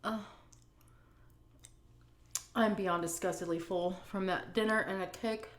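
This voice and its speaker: A woman's voice: mid-range voice, fairly even intonation. A middle-aged grandmother vlogger chatting candidly and emotionally as she answers viewer questions. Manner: candid, emotional, drawn-out emphasis. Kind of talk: casual Q&A chat. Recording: echoey room.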